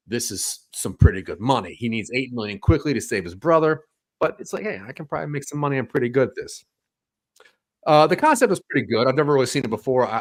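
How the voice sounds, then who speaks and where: A man chatting on a podcast about TV shows, enthusiastic and rambling, with lots of fillers and restarts. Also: medium pitch. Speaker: podcast guest reviewing TV. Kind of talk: casual podcast chat.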